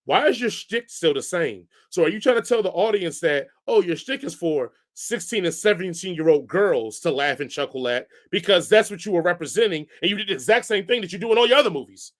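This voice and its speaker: A man co-hosting a casual podcast, ranting in an animated way with sudden jumps in pitch and volume. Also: fairly quick, hardly any pauses. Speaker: podcast co-host reviewing movies.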